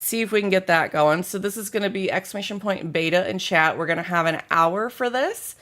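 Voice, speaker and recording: A woman's voice: on the low side, fairly quick, a bit bright. Subdued woman streamer thanking chat. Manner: candid, apologetic, thanks viewers by name. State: feeling unwell, low energy. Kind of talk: casual live-stream chat.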